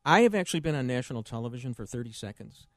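Lively sarcastic male radio co-host. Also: medium pitch, racing, no room sound. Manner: sarcastic, animated, jokey. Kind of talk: talk radio banter.

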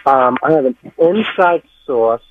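A man's voice: medium pitch, lively intonation, measured pace. A man calling in to a sports radio show, telling a secondhand story a little hesitantly. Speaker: caller. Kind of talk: call-in radio. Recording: tinny phone line.

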